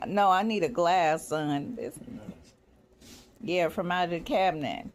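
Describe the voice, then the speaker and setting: A woman's voice: on the low side, measured pace, a little hiss or hum. A woman rambling in a casual vlog, swearing freely, laughing often and quoting what she and others said. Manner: profane, laughing, quoting herself in asides. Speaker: vlogger.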